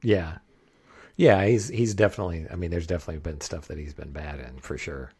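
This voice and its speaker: Very deep, husky-voiced man agreeing briefly. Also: brisk, darkish tone. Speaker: podcast co-host. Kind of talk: casual movie chat.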